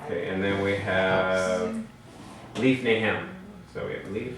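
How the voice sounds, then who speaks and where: A man's voice: low-pitched, a little slow, noisy background. A man teaching a Hebrew class, patiently explaining letters and vowels and quizzing his students. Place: classroom in a congregation building. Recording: very echoey room, mic far off.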